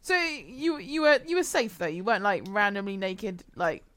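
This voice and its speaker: A woman's voice: medium pitch, animated, normal speed, fairly bright tone, a little hiss or hum. A woman co-hosting a podcast, chatting casually with giggly, teasing banter. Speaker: podcast co-host. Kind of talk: casual chat.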